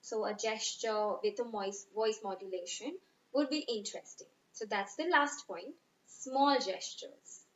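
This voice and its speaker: A woman teaching poetry recitation, speaking slowly and expressively and stressing words for effect. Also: medium pitch, echoey room, muffled recording. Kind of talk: recitation lesson.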